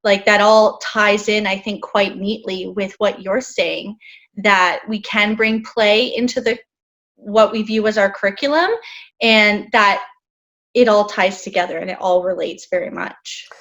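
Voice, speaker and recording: A woman's voice: medium pitch, steady tone, unhurried, a bit bright, lo-fi sound. A woman hosting a podcast interview, asking questions appreciatively with some ums and fillers. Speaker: podcast host. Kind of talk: conversational interview.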